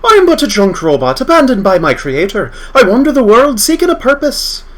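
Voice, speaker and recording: A man's voice: extremely high pitch, sing-song, brisk, voice pushed up. Forlorn junk robot, grave and formal, in a game dub by a man. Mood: solemn. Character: solemn abandoned male robot.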